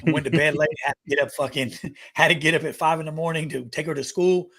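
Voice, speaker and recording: A man co-hosting a podcast, telling animated stories with lots of swearing. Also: on the high side, creaky. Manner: fast, animated storytelling, heavy swearing. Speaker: podcast co-host. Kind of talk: casual profane podcast banter.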